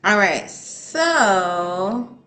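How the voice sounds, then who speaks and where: A woman's voice: medium pitch, expressive, very slow, sharp tone. A woman hosting a live tarot reading stream, chatting casually and reading out viewers' questions. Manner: chatty, hums and sings to herself while waiting; reads viewers' questions aloud. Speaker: tarot reader.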